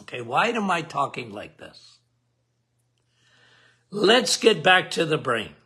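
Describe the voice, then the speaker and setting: A man's voice: fairly high pitch, sing-song, slow pace, gravelly, bright, forceful tone. A man hosting a health podcast, explaining in an emphatic, repetitive way and asking the listener questions.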